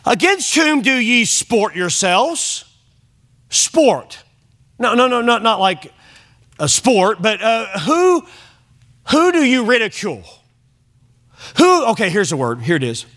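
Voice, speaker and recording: A man's voice: high voice, sing-song, slow, pauses often, fairly bright tone. A man preaching an evening sermon in church, reading scripture aloud and explaining it with frequent check-ins to the congregation. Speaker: pastor.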